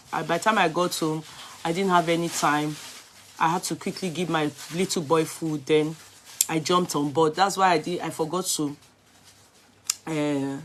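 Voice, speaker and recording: A woman's voice: low-pitched, a little hiss or hum. A middle-aged woman, chatting casually on a live stream, greeting viewers by name and slipping into Yoruba.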